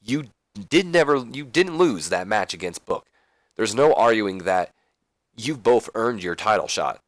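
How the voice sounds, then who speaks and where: A man doing a slick young wrestling promoter, all showman energy. The voice is pushed a bit higher than a plain speaking voice and stays loud and upbeat. The recording is dry and close. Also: animated, unhurried, no room sound. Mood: hyped. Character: smooth-talking young male wrestling promoter hyping a crowd.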